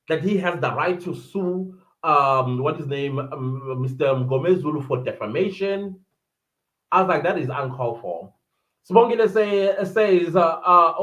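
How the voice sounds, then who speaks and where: Casual South African male streamer, raised pitch, reads out the chat and reacts, dull lo-fi mic. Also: a bit bright. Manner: chatty, reads viewer chats aloud and reacts. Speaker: live-stream commentator. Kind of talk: casual live-stream commentary.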